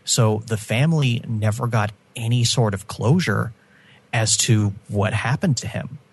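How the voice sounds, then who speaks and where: A man's voice: lowish voice, unhurried, breathy edge. A man co-hosting a podcast, talking casually in a reflective way with some dry teasing. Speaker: podcast co-host.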